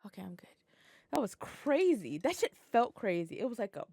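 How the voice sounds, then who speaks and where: A woman in casual podcast chat, blunt and animated, cursing freely. Her voice sits at an ordinary middle pitch. The recording is close and dry. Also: fast talker, dry recording. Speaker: podcast co-host.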